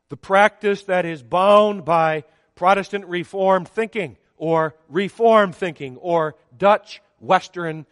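High-voiced man preaching with emphatic stresses. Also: a bit bright, studio quality. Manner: emphatic, measured preaching with rising and falling stresses. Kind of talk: sermon. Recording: long hall reverb.

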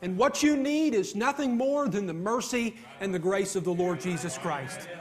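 A man's voice: high voice, normal speed. A man preaching an earnest sermon, emphatic and given to repeating himself.

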